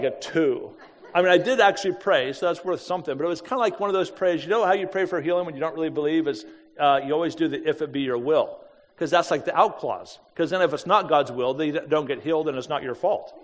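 A man with a fairly high voice tells a story to a crowd, casual and self-deprecating, and he slips into the voices of the people he quotes. He speaks as an evangelist recounting what happened to him. His voice rings with the long reverb of a large hall. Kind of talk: storytelling to an audience.

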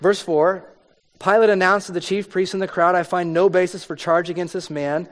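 Speaking high but with a flat delivery at normal speed, a pastor reads scripture and explains it in a conversational sermon. He occasionally voices the figures in the story, growing more intense as he goes, and a long hall reverb trails his words.

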